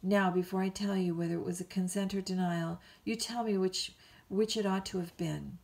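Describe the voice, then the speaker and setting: A woman reading a bedtime story, voicing a willful, petulant young woman of twenty-two who pleads and flares up quickly. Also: mid-range voice, steady tone, gravelly, darkish tone, lightly acted.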